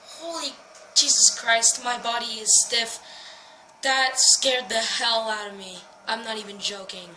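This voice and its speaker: A woman's voice: fairly high pitch, fairly even intonation, measured pace, sharp tone, slight background noise, low-quality recording. A woman giving jumpy, swear-laden commentary while playing a horror game. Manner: jumpy, swearing, talks to herself. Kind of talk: let's-play commentary.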